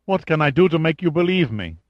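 A man voicing a frightened, cowering male henchman who pleads in a high, near-whimpering voice, in a dull lo-fi audiobook recording. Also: moderate pace, dry recording, close to an everyday voice. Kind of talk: audiobook character voice.

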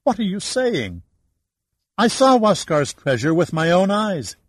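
A man voicing an angry, indignant woman archaeologist in an audiobook, his voice raised and sharp. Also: sits high, very animated, measured pace, dry recording, voice pushed up, heavily acted.

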